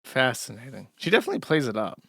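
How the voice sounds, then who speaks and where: A man's voice: mid-range voice, sing-song, fast talker, gravelly, a bit bright, dry recording, studio quality. A man hosting a podcast, giving crude, profane, sarcastic commentary as he reacts to online content. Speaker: podcast host. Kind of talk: casual commentary.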